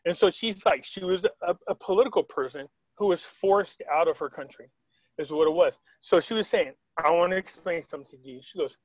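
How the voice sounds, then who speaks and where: A man with a somewhat high voice talks over a video call, rambling through a story and acting out what others said. The sound is dull and lo-fi. The room is dry. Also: brisk, no room sound. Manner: rambling, retells quotes, frequent restarts. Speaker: interviewee.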